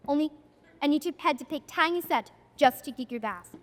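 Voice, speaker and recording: A young woman narrates a school stage play in a wry storytelling voice, talking straight to the audience. Her voice is fairly high. It carries through an echoey auditorium, picked up from a distance. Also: lively intonation, brisk, a little hiss or hum. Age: young adult.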